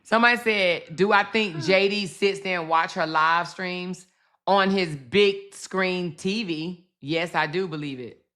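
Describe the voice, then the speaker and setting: A woman's voice: fairly low pitch, a little slow. A woman host commenting on live stream clips, talking animatedly to her viewers. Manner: animated, talks back to viewers.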